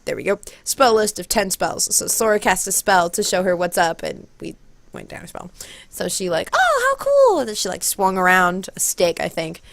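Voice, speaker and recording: A woman's voice: normal speed, vocal fry, dry recording. A woman telling a long story casually on her vlog, rambling and acting out quotes, speaking into a close handheld mic. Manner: rambling, animated, acts out quotes in high voices. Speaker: vlogger. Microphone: handheld corded mic held close.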